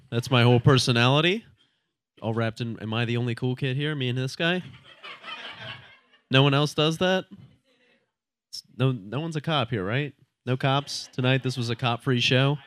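A man's voice: mid-range voice, normal speed, long pauses, fairly bright tone. Laid-back young man doing stand-up. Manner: laid-back, rambling, talks to the crowd. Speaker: stand-up comedian. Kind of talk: stand-up comedy set. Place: comedy club stage.

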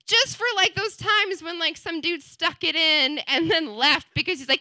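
A young woman performs stand-up into a handheld mic, her voice very bright and a touch high. She talks in a chatty, wry way full of "like" and lands her punchlines deadpan. The sound is dry and close. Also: unhurried, no echo. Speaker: stand-up comedian. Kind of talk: stand-up comedy set. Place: comedy club stage.

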